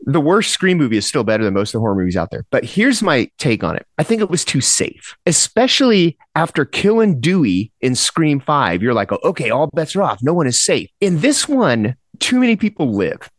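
Animated man hosting a podcast. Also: on the high side, normal speed, few pauses, no room sound, studio quality. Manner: animated, laughs often, restarts sentences. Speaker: podcast host. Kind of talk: casual horror podcast chat.

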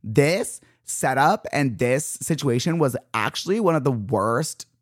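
A young man hosting a solo podcast, telling a story in a dramatic, exasperated rant with sudden jumps in pitch. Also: animated, unhurried, no echo, studio quality. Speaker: podcast host.

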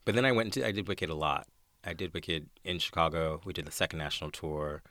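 A deep, low-pitched American man chats as an interview guest, telling backstage stories with lots of energy. His voice is bright and forceful, recorded close and dry with no room sound. He slips into playful quoted voices and laughs easily. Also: fast, no echo. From United States. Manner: animated storyteller, acts out quoted voices, laughs often. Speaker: guest actor. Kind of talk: casual interview chat.

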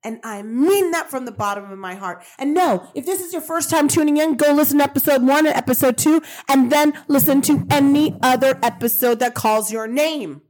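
A Colombian-American woman hosts a spiritual self-help podcast, delivering a motivational monologue of emphatic, repeated affirmations with casual swearing. Her voice sits high and is a little mellow, fairly quick with few pauses.

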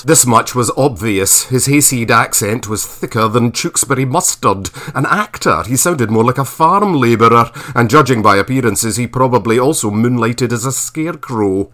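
A man's voice: on the low side, animated, moderate pace, sharp tone. A man narrating a historical story in a dry, wry storytelling manner. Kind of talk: audiobook narration.

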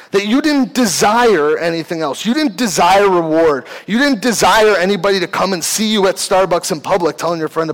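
A man's voice: sits high, low-quality recording. A young man giving a casual sermon to a youth group from a church stage, talking conversationally with lots of fillers. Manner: conversational, uses many fillers like "like". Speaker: youth pastor. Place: church hall, speaking from a stage.

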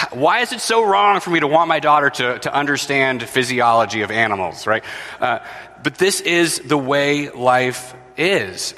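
A man's voice: mid-range voice, pushed and bright. A man in his thirties, a pastor preaching a sermon, telling stories and acting out the quotes with a self-deprecating manner. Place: church sanctuary. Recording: long hall reverb.

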